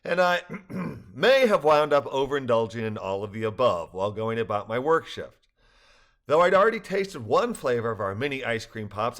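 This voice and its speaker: An older man reads his own story aloud in an earnest, reflective way. His voice sits at an ordinary middle pitch, and soft laughs slip in now and then. He sounds sincere and thoughtful. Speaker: narrator. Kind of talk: reading a personal story aloud.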